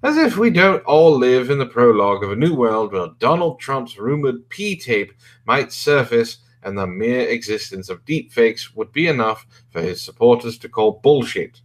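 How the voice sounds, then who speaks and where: A man's voice: medium pitch, very animated, moderate pace, hardly any pauses. A man hosting a podcast, giving sarcastic, profane commentary. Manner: sarcastic, swears freely. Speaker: podcast host.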